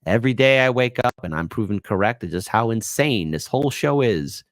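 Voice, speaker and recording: A man hosts a live-stream political commentary show, delivering his points with sarcastic, mocking glee. His pitch swings widely from line to line. The sound is dry and close, with no room echo. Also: lively intonation, fairly quick. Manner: sarcastic, mocking, laughs at his own jokes.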